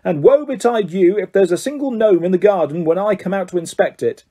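A man doing a shrill, scolding witch mother. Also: a little fast. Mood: snappish. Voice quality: shrill, rising to shouts. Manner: fretful, sharp-tongued. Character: scolding motherly witch, fierce but caring.

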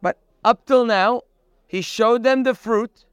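Man teaching a Torah class, high voice, slow and deliberate, quotes and translates verses, acts out quoted speech. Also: clean tone, no echo. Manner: explains step by step, quoting and translating Hebrew verses; acts out quoted speech with sudden raised emphasis. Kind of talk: lecture-style Torah class.

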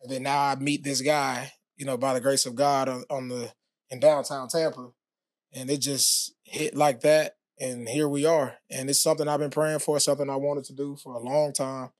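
A man, a former pro athlete, telling his story as a podcast guest in a relaxed, casual way with many fillers. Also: medium pitch, moderate pace, no room sound, clean studio sound. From United States. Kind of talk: casual interview talk.

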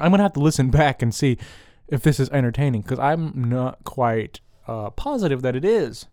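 Man, solo host, crude profane rambler, close mic, dead dry sound, mid-pitched voice. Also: animated, a little fast, warm tone, dry recording. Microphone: close microphone.

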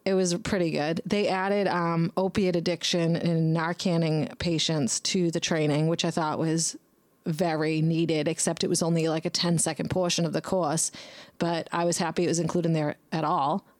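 A young woman with a lowish voice hosting a loose, casual monologue. She talks bluntly, drops curses freely and rambles from one aside to the next. She sounds dry and close, with no room echo. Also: little pitch movement, moderate pace, darkish tone. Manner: swears heavily, rambling and blunt; talks back to herself by name. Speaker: podcast host.

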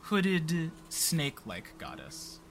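A man's voice: a little high, huge pitch swings, slow pace, vocal fry, fairly bright tone, slight background noise. A man narrating as game master of a tabletop role-play podcast, describing scenes.

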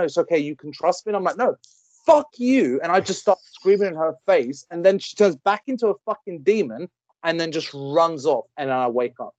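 A man in his thirties telling a story on a casual podcast, animated and swearing freely. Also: a little high, dry recording. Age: 30s. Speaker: podcast co-host. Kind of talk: casual chat.

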